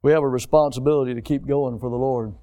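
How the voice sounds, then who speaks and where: Mellow, smooth-voiced male preacher. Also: mid-range voice, steady tone, fast talker. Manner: folksy storytelling, building to emphatic lines. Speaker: pastor. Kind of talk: sermon.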